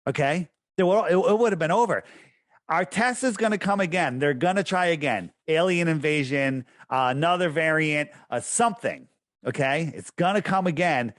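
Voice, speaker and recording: A podcast guest speaks in a casual interview, drifting off topic and losing his thread before hammering his points home in a preachy, emphatic manner. His voice is slightly high and fairly bright, at a normal speed, with no echo.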